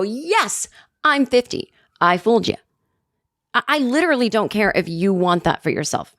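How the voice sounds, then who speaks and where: A woman's voice: on the low side, dry recording. Woman ranting on a podcast, dry sound. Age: middle-aged. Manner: animated, sarcastic storytelling with quick asides. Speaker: podcast host. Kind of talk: comedic solo rant.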